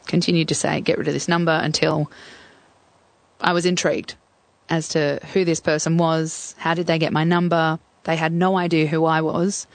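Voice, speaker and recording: A woman in her thirties recounts her past with a gravelly, fry-tinged voice, recorded dry and close. She tells it reflectively and slips into the voices of the people she quotes. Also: low voice, flat delivery, moderate pace, no room sound. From Australia. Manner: reflective, acts out remembered phone talk. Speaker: interview guest. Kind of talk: candid personal storytelling.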